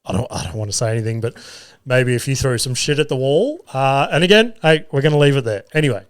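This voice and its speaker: Podcast host, young Aussie man, clear mid-pitched voice, loose and profane anecdote-telling. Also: animated, fast talker. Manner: swearing, laughing anecdotes. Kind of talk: casual storytelling.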